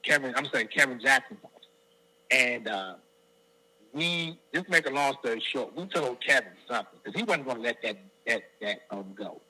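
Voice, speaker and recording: A middle-aged man from the Washington DC area tells a story in an interview, his voice very bright and forceful. His pitch swings widely as he acts out what other people said. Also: expressive, moderate pace, breathy edge, rough recording. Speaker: guest singer.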